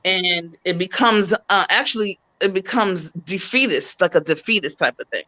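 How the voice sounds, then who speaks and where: Animated New York woman hosting a stream. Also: on the low side, normal speed, poor audio. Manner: animated, repeats words for emphasis. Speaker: host. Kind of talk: casual live-stream chat.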